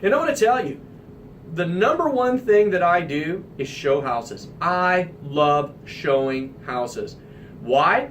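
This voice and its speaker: A man from the American Midwest hosting a radio talk show, telling an anecdote in an animated, emphatic way. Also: a little high, takes it slowly, recorded from a distance, slight background noise. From Midwestern United States.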